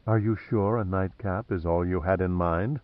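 A man's voice: lowish voice, moderate pace, no room sound, dull audio, lightly acted. A man reading an audiobook voices a sultry, dry-witted female government agent, cool and teasing.

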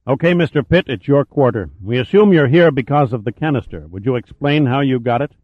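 A man's voice: mid-range voice, expressive, a little fast, no echo, close to an everyday voice. A man voicing a sarcastic, arrogant older male admiral who talks down to people in an audiobook reading. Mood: condescending. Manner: sarcastic, condescending. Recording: tinny phone-like audio.

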